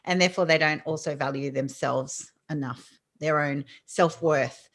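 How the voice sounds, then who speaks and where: A woman's voice: sits low, moderate pace. A woman hosting a podcast interview, affirming her guest and reflecting aloud on her points. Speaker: podcast host. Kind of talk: interview conversation.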